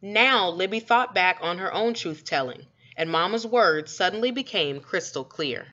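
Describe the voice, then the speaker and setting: A woman reading a children's story aloud with expressive, lively storytelling. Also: fairly low pitch, normal speed. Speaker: storybook reader. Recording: dull lo-fi recording.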